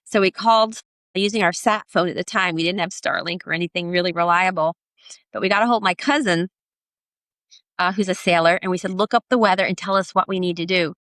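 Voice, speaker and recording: Middle-aged woman, lively storyteller, dry close mic, acts out the voices she quotes. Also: on the low side, brisk, no echo. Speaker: podcast guest, sailor and author. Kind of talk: storytelling in an interview.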